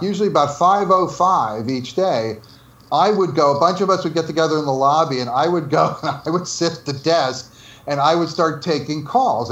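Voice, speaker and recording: A man's voice: fairly high pitch, fairly bright tone, echoey room, lo-fi sound. A man from New Jersey telling stories as an interview guest, laughing often and acting out the dialogue he quotes. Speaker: interview guest, former game developer. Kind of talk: casual storytelling interview.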